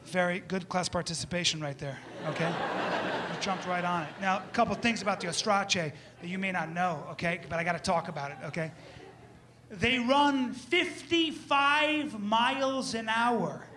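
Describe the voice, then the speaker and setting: A man performing stand-up comedy before a live audience, animated, with loud outbursts and acted-out voices. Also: sits high, fairly quick. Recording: live room with crowd noise.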